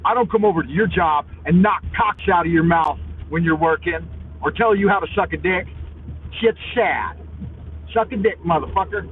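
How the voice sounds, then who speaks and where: A man hosting a live stream from his minivan, loud and crude, cursing at other drivers while hopped up on coffee. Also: high voice, normal speed. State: highly caffeinated. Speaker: vlogger, live-stream host. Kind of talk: profane driving rant on a live stream. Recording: tinny, phone-like with faint vehicle noise.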